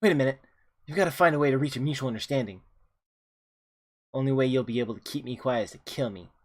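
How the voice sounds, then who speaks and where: A man's voice: mid-range voice, fast talker, close to an everyday voice. A man voicing a shifty, defensive male restaurant owner while reading game dialogue aloud. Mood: defiant.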